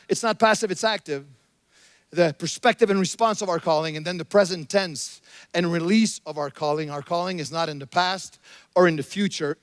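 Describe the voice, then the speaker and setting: A middle-aged man preaching from a church pulpit with a high, ringing voice. He jumps from quiet, chatty storytelling to loud, emphatic exhortation. The sound is close and dry, with almost no room echo. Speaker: pastor. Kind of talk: sermon. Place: church sanctuary.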